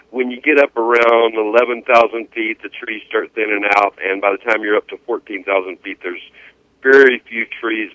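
Man, phone caller, tinny phone line, low voice, folksy poem reading. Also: no echo.

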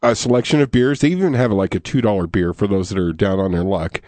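A man's voice: fairly low pitch, fast, a little mellow, dry recording. A man hosting a poetry radio show, bantering loosely and laughing often with his co-hosts.

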